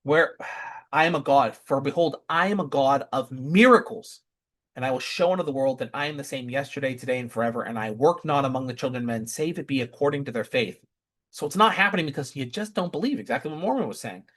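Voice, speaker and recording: A man's voice: mid-range voice, animated, fast talker, fairly bright tone. A man giving impassioned scripture commentary, emphatic and repeating rhetorical questions. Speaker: scripture teacher.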